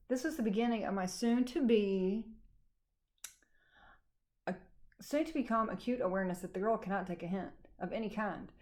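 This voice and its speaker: A woman's voice: medium pitch, a little mellow. Woman teacher reading aloud to kids. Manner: unhurried, friendly storytelling read-aloud. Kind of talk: reading a novel aloud to a class.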